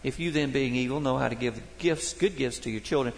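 A Baptist pastor preaching a sermon, telling folksy, humorous stories from daily life. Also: male voice, mid-range voice, fairly quick, creaky. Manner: folksy storytelling, homespun humor. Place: church sanctuary. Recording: long reverb of a church hall.

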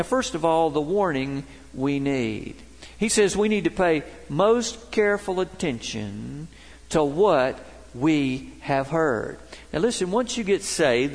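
Middle-aged male pastor, emphatic folksy sermon delivery, raised pitch, long hall reverb. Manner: folksy storytelling preacher, emphatic. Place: large worship center.

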